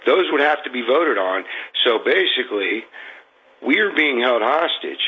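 A man calling in to a radio show, venting in a rambling, frustrated way, halting often with fillers. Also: medium pitch, very animated, slightly rough, lo-fi sound. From Florida. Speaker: radio caller. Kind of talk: call-in venting.

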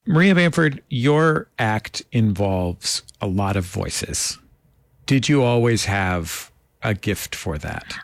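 A man hosting an interview, playful and quick to laugh as he riffs on his guest's jokes. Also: on the low side, lively intonation, dry recording. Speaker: interview host. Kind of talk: casual interview chat.

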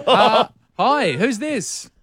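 A man hosting a radio show, joking and laughing a lot with a lively manner. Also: high voice, extremely slow, husky, dry recording. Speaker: radio host. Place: radio studio.

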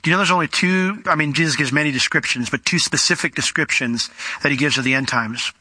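Animated, bright-voiced male pastor. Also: a little high, fast talker, dry recording. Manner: animated, conversational, acts out quotes. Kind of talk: expository sermon.

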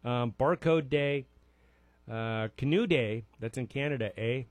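A man in his forties hosts a live radio show in a jokey, rambling, self-mocking way. His voice sits at an ordinary middle pitch. The studio sound is dry and close. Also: unhurried, no room sound. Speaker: radio host. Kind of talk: casual rambling radio chat.

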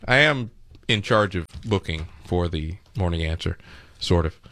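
A man's voice: sits low, lively intonation, measured pace, bright, forceful tone, dry recording. A male radio host giving sarcastic, mocking running commentary over played clips. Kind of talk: comedic talk radio commentary.

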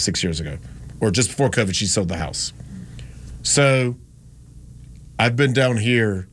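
A man in his fifties from North Carolina chats casually about his past. He tells the story loosely, correcting himself and circling back to repeat his points for emphasis. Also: fairly low pitch. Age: 50s. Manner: rambling, self-correcting asides.

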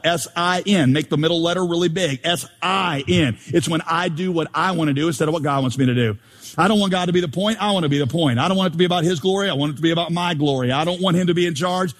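Male pastor, husky tone, emphatic and wry sermon delivery, big reverberant hall. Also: high voice. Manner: emphatic, humorous, mimics prayers. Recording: long reverb of a large hall.

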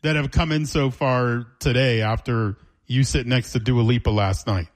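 A man's voice: medium pitch, steady tone, normal speed. A man hosting a casual radio interview, asking curious follow-up questions. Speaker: radio host.

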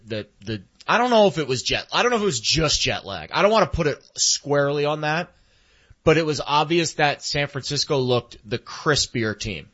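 A man's voice: mid-range voice, a bit bright, muffled recording. Rambling male sports panelist. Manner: rambling, halting, folksy analogies. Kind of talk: casual sports talk.

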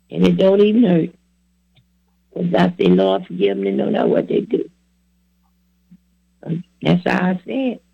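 A man in his seventies preaches his testimony in plain, repeating phrases, urging his listeners on. His voice sits high and grinds with heavy fry, rough and breathy at the edges. The recording is dry and muffled. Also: dry recording. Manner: repetitive, exhorting, plain-spoken. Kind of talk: earnest testimony sermon.

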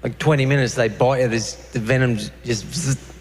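A man with an Australian accent performing a stand-up comedy routine, telling deadpan stories and acting out the voices of other people. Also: mid-range voice, quick pace. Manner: deadpan storytelling with acted-out voices.

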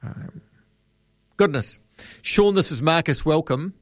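A man hosting a talkback radio show, chatting in a relaxed, musing way with frequent ums and trailing questions. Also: a little high, takes it slowly, dry recording, clean studio sound. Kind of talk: late-night talkback radio chat.

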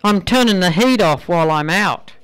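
A radio host voicing a stingy Scottish husband who talks in a blunt, curt way, with a Scottish accent. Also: male voice, high voice, animated, moderate pace, fairly bright tone, clear, resonant tone, no room sound, rough recording. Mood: gruff.

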